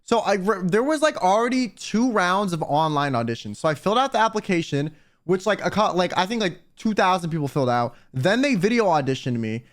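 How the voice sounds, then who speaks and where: Young American guy, high light voice, chatty and rambling, lots of "like". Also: brisk. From United States. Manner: rambling, filler-heavy, animated quoting. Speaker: streamer telling a story. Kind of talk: casual storytelling.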